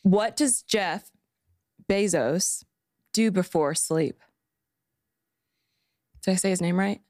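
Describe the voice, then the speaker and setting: A woman's voice: lowish voice, slow, a little mellow, no room sound, clean studio sound. A woman co-hosting a podcast in casual chat, giggling and stumbling over her punchlines. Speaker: podcast co-host.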